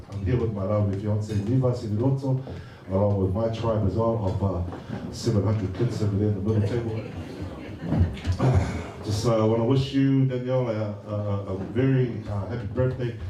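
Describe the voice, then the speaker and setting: A man's voice: lowish voice, normal speed, dark tone. A middle-aged man from Samoa gives a casual, joking speech at a birthday party, hesitant and full of fillers. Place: large party hall. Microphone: handheld mic. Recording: echoey hall from far off, noisy.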